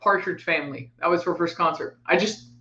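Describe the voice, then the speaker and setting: Bright teasing middle-aged woman, echoey room. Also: fairly low pitch, fairly quick. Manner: teasing, reading off a list. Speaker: co-host. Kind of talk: casual chat. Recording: echoey room, dull lo-fi sound.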